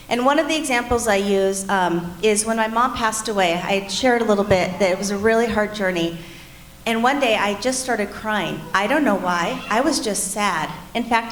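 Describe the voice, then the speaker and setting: A middle-aged woman with a mid-range voice co-teaches a marriage class in a church meeting room, which sounds echoey with faint noise. Earnest and candid, she shares personal stories and speaks straight to the group.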